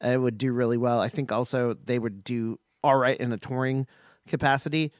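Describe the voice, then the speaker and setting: Halting man, dry close sound. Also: mid-range voice, steady tone, no room sound. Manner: halting, full of restarts and "like". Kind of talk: casual chat.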